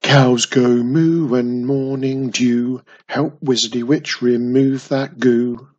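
A man's voice: a little high, very animated, a little slow, slightly rough, muffled recording, voice pushed up, full character voice. A man voicing a friendly, serious young boy wizard in a storybook reading. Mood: earnest. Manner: serious, earnest.

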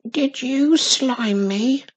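Casting note: tiny young witch girl, squeaky and shrill, pitched very high. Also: very slow, husky, heavily acted, low-quality recording. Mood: commanding.

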